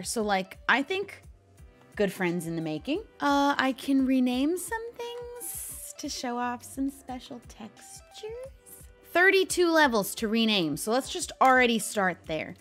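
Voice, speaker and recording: A woman streamer giving let's play commentary, excitable, often gasping and shrieking. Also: sits high, measured pace, soft background music. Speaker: gaming streamer.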